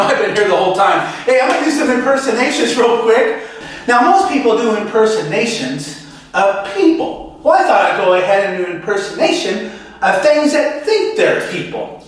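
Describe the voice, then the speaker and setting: Giggly high-voiced amateur comedian. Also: male voice. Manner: giggly, rambling, keeps saying "you guys". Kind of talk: homemade stand-up comedy sketch. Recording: echoey room from far off.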